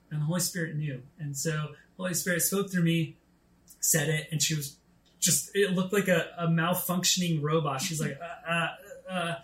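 A man preaching a sermon, telling a story from his youth pastor days and acting out the dialogue with lively energy. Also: roomy sound. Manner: animated, acts out quoted dialogue with rising pitch.

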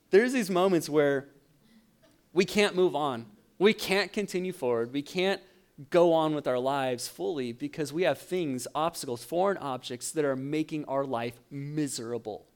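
Animated man preaching a sermon. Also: fairly high pitch, unhurried, smooth. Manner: animated storytelling with laughs. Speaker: pastor.

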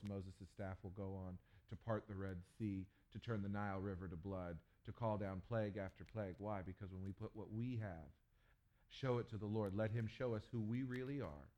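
A man preaching a sermon, telling stories with humor and jumping to loud, animated bursts. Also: lowish voice, brisk. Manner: animated storytelling with jokes and sudden loud bursts. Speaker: pastor.

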